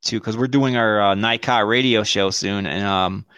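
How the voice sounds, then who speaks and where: A man's voice: fairly low pitch, moderate pace, fairly bright tone, clean tone, lo-fi sound. A man co-hosting a podcast, telling a story in casual chat, swearing freely, laughing often and acting out the lines of the people in it. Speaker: podcast co-host.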